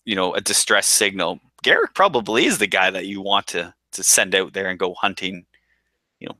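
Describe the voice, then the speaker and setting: A man's voice: deep voice, animated, normal speed, sharp tone, no echo. A man co-hosting a podcast, chatting casually about an episode and talking with plenty of restarts and military jargon. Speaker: podcast co-host. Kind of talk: casual chat.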